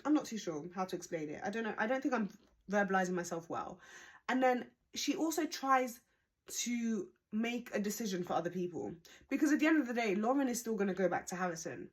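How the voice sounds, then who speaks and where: A young woman recapping a reality show in casual chat, animated, opinionated and mocking. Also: a little high.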